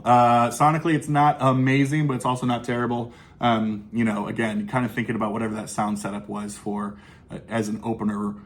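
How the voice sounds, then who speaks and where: A man casually talking through his recent record purchases, enthusiastic and rambling, with lots of fillers and restarts. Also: medium pitch. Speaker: vinyl collecting YouTuber. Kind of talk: casual record haul review.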